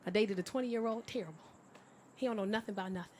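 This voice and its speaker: A woman performing stand-up comedy, telling brash stories with loud bursts on a comedy club stage. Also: mid-range voice, fast.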